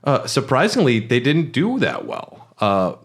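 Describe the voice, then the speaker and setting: A man's voice: medium pitch, big pitch swings, a little slow. A man co-hosting a podcast, talking casually about games with lots of fillers and restarts. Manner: rambling, many fillers and restarts. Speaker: podcast co-host. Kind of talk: casual chat.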